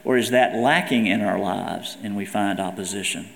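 A man's voice: on the low side, normal speed, creaky, a bit bright. A man giving a sermon as pastor, preaching earnestly and reading scripture aloud with emphasis. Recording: echoey hall with long reverb.

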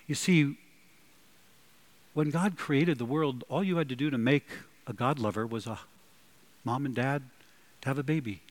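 A man preaching a sermon, emphatic and animated, with sudden loud bursts. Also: medium pitch, normal speed, pauses often. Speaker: pastor.

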